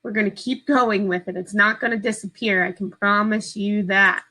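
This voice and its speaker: A woman teacher giving a slow, patient, step-by-step phonics lesson to young children from home. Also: medium pitch, steady tone, sharp tone, poor audio.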